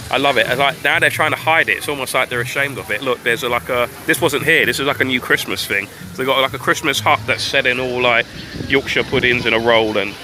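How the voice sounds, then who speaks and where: A man livestreaming a rambling, profane commentary while walking outdoors on a town street. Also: medium pitch. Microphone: phone livestream.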